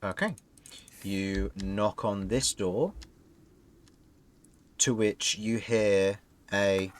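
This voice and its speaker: A man's voice: fairly low pitch, fairly even intonation, drawn-out words, pauses often. A man narrating a tabletop game as game master, describing scenes and often laughing.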